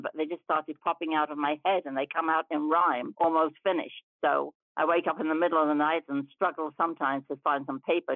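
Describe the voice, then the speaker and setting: A woman's voice: low-pitched, no echo. A woman talks easily about her writing in short, spontaneous phrases. Her voice comes through a thin, phone-like line. The sound is completely dry. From New Jersey, USA. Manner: spontaneous and chatty, with short pauses between phrases. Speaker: guest author. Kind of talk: casual interview answers and reading a short story aloud.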